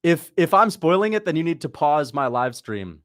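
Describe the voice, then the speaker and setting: A man hosting a casual livestream, reacting to a fight as it happens and talking to his chat, breaking into excited shouts at big moments. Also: a little high, normal speed. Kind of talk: casual live commentary.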